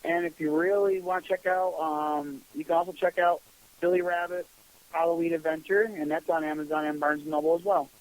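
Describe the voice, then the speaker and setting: A man's voice: fairly high pitch, fairly even intonation, fairly quick, low-quality recording. A man guesting on a radio talk show, chatting in a friendly, easygoing way and repeating phrases as he talks. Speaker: guest author. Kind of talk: casual radio interview. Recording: radio broadcast sound.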